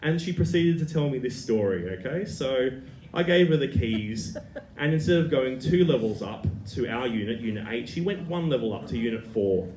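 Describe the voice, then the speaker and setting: A man in his thirties telling a comic personal anecdote, animated and often laughing. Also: mid-range voice, moderate pace. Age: 30s. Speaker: storyteller. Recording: echoey room, loud background noise.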